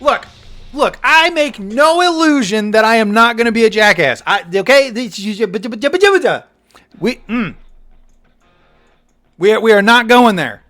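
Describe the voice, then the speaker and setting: A man chatting casually on a game stream, animated and profane, laughing and bursting into loud outbursts. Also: very high voice, slow, faint music behind. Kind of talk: casual gaming stream chat.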